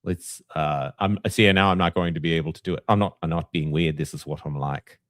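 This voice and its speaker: A man's voice: low voice, brisk, a bit bright, dry recording, clean studio sound. A man co-hosting a casual live stream, rambling and joking between bits. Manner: joking, rambling, slips into impressions. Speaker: co-host.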